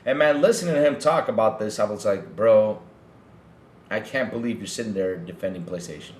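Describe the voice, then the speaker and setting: A man's voice: fairly low pitch, fairly quick, reverberant, a little hiss or hum. A man hosting a livestream podcast, ranting heatedly to his chat and often repeating himself. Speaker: podcast host.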